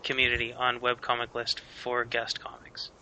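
A man's voice: medium pitch, completely flat delivery, moderate pace, bright, forceful tone, low-quality recording. A man from Washington state co-hosting a casual podcast chat, talking eagerly about webcomics. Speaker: podcast co-host.

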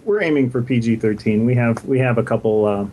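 A man as a podcast guest, answering questions in a relaxed way, restarting his phrases. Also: mid-range voice, a little fast, slightly rough. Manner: relaxed, repeats words as he starts. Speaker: guest, comic creator. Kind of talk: interview answers.

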